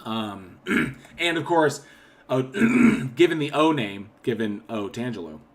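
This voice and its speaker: Rambling man clearing his throat. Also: medium pitch, very animated, slow pace. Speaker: channel host. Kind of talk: casual livestream commentary, reading chat comments.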